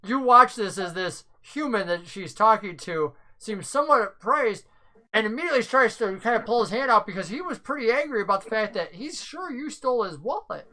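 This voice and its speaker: A woman narrating a tabletop role-playing game as game master, in a lively, conversational way. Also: on the high side, a little fast, rough recording.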